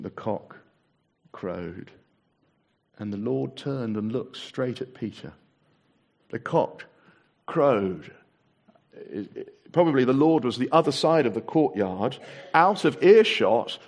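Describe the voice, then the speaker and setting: A man preaching a sermon, acting out the voices in the story and dropping to a hushed, low voice for solemn points. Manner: dramatic, acts out the voices in the story.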